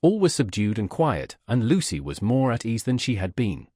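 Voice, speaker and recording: A man narrating a classic novel as an audiobook, in a measured, expressive reading. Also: medium pitch, dry recording, clean studio sound.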